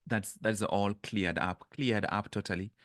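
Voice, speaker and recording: A man's voice: on the low side, steady tone, no room sound, clean studio sound. Earnest man coaching an online group. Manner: earnest, halting, restarts and repeats words. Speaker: mindset coach leading an online session. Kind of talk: live online coaching talk. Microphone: webcam.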